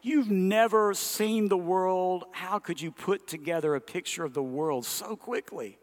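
A tired father home from work talks to his small son in a patient, measured voice, as a preacher puts him on. His pitch sits somewhat high for a man. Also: in a large hall. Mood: coaxing, puzzled. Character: tired father wanting quiet time.

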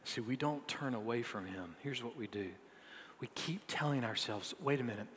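A male preacher delivers a sermon in a mid-pitched voice, dropping to quiet, low asides and then building to loud, climbing emphasis. The sound carries a long hall reverb. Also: normal speed. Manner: reads a woman's written story aloud.

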